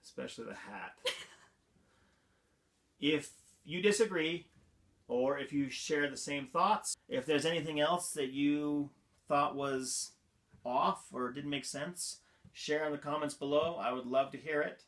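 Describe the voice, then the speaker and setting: A man's voice: a little high, unhurried, fairly bright tone. A man hosting a vlog, giving a casual movie review in an amused, incredulous manner and laughing often. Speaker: vlog host.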